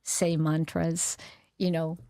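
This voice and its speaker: A woman's voice: low-pitched, little pitch movement, slow pace, creaky, dark tone, no room sound. A middle-aged woman being interviewed as a guest, talking in an earnest, reflective way with frequent fillers and restarts. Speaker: podcast guest, author. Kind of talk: candid conversational interview.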